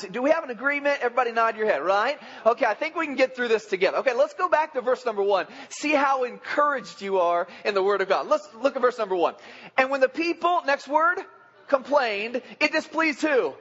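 A man with a strikingly high voice preaches a sermon, folksy and joking, chatting with the congregation as he goes. The recording is dull and lo-fi, with a long reverb from a large church hall. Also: a bit bright.

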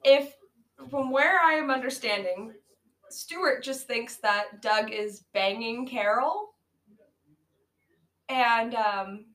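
A woman's voice: a little high, a bit bright. A woman co-hosting a casual movie-review podcast, recapping a bad film with sarcasm, frequent laughter and swearing. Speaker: podcast co-host. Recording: echoey room, amateur audio.

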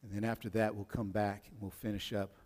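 A man's voice: fairly low pitch, little pitch movement, a little fast, darkish tone, big-room sound. A male pastor preaching a sermon in a casual, slangy way, sometimes acting out the people he talks about.

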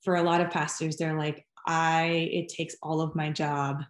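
A woman's voice: deep voice, flat delivery, a little slow. A woman, interviewing a guest in a rambling, searching way with lots of fillers. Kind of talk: casual interview conversation. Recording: roomy echo.

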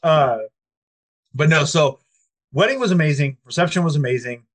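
Animated, foul-mouthed man telling a story. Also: a little high, normal speed. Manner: animated, profane storyteller who acts out quoted speech. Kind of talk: casual chat.

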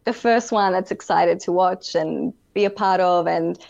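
A woman's voice: lowish voice, a little slow, creaky, a little mellow, highs cut off. A young woman, a pageant contestant, chatting as a guest in a live interview over a video call. She is bubbly, giggles often, and says "like" a lot. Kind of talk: casual interview chat.

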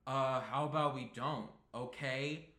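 A man doing a laid-back, philosophical teen boy with a casual, low-key delivery. The voice is bright and sounds like it's in an echoey room. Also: fairly even intonation, measured pace.

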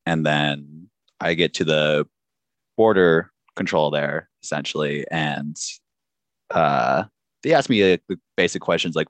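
Deep-voiced man telling a story. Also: unhurried, no echo. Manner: animated storyteller, laughs often. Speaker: guest telling a travel story. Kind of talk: casual chat.

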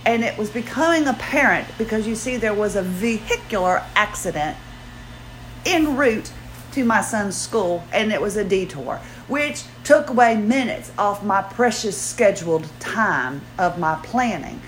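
A woman with a mid-range voice hosts her own podcast, chatting animatedly at a measured pace in a casual personal monologue. She's tired and moves carefully around her home amid household chores, rambling and poking fun at herself, with a slight hiss or hum in the recording.

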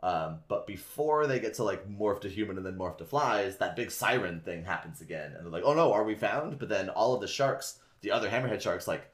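A man with a low-pitched voice recaps a story in loose, rambling fashion, leaning on "like" constantly. He drops casual swears and slips into quick impressions of the characters as he goes. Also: lively intonation. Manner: rambling, heavy use of "like", swears casually, acts out characters' lines. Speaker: podcast host recapping a book.

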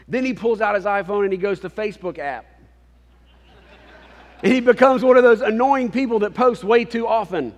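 A man preaching a sermon as a pastor, telling a story with animated, acted-out voices. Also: high voice, brisk. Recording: long hall reverb.

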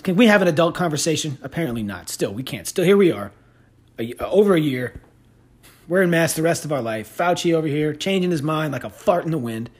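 A man hosting a podcast, telling stories in a sarcastic, animated rant. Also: fairly high pitch, brisk, husky. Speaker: podcast host. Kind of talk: casual ranting commentary.

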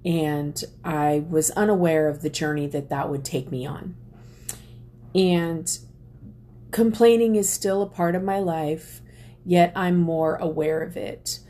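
A woman speaking to an audience, telling a personal story slowly and deliberately, with pauses and restarts. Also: low voice, mellow. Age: adult parent. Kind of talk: reflective personal talk to an audience.

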